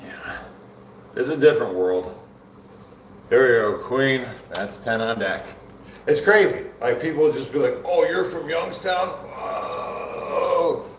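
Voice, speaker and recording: A man's voice: medium pitch, expressive, unhurried, pauses often, a little hiss or hum. A man chatting casually on a live bodybuilding stream between sets, laid-back and slangy, often laughing. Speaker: bodybuilding livestreamer. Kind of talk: casual livestream chat while training. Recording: echoey room, mic far off, faint ambience.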